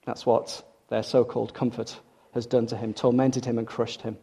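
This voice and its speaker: A man gives a morning sermon from the pulpit, his voice at an ordinary middle pitch. He speaks earnestly and with emphasis, doubling back on key words to drive them home. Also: flat delivery, normal speed, creaky, mellow, husky. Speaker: preacher.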